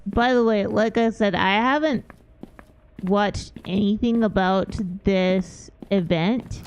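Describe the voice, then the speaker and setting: A young woman streaming a game, chatting casually and gushing with excitement, breaking into little squeals. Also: mid-range voice, slow, lo-fi sound, a little hiss or hum. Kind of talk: casual gameplay chat.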